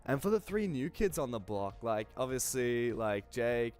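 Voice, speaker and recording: Mid-pitched chatty esports co-host man. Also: sing-song, moderate pace, a little mellow. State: a bit under the weather. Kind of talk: live esports desk talk and interviewing.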